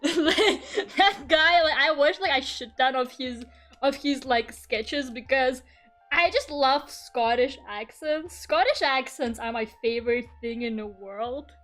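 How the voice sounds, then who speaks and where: A woman's voice: high-pitched, unhurried, a bit bright, soft background music. A young woman streaming her art, chatting casually and rambling, laughing often and swearing freely. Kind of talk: casual chat while drawing.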